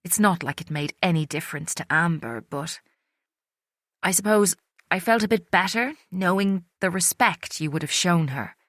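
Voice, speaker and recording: A woman reading an audiobook, voicing a gentle middle-aged female social worker with a soft Irish accent. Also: lowish voice, moderate pace, no room sound, studio quality. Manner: gentle, soft-spoken, reflective. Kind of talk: audiobook character voice.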